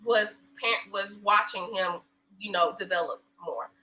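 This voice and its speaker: Bright-voiced woman telling lively stories. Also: mid-range voice, unhurried, rough recording. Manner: animated storyteller, laughs often, acts out quotes. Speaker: podcast guest, breastfeeding specialist. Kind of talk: casual interview chat.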